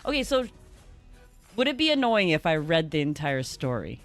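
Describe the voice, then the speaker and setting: Over faint music, a woman with a deep, very animated voice talks a little fast. She's a game streamer chatting casually with her audience and reading the story aloud, often laughing when hard game words trip her up.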